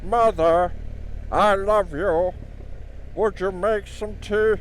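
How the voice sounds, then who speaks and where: A man putting on the voice of a meek, overly polite male pop singer, soft and drawn out. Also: high-pitched, steady tone, slow pace, a little hiss or hum, pitched above the performer's own voice. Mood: meek, pleading.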